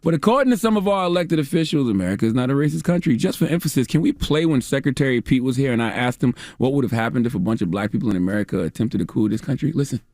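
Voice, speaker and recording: A man's voice: animated, rapid-fire, hardly any pauses, a little mellow, no room sound. A man hosting a radio show, delivering a sarcastic, emphatic commentary segment into a studio mic. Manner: sarcastic, emphatic, rising pitch on punchlines. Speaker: radio host.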